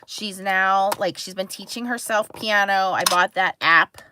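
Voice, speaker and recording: A woman's voice: medium pitch, unhurried, noisy background. A woman casually telling a family story to her live chat, rambling and full of filler words, laughing at herself. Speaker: mother streaming to live chat.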